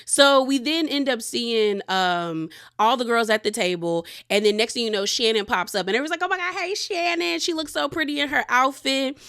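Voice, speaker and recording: A woman's voice: on the high side, moderate pace, few pauses, clear, resonant tone. Chatty woman recapping reality TV. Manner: chatty, gossipy, animated retelling with quoted voices. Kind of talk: casual recap commentary.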